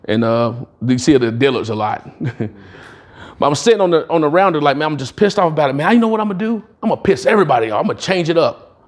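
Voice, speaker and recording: Pitched on the high side and speaking fast, a middle-aged man gives a storytelling speech at a sales retreat. He's a motivational speaker whose slangy, casual tales come alive as he animatedly voices the other characters.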